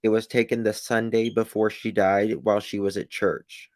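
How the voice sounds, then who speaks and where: A man's voice: lowish voice, little pitch movement, moderate pace, darkish tone, no echo. A man hosting an interview, speaking reassuringly and giving many short backchannel replies. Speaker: podcast host, interviewer. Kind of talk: supportive interview.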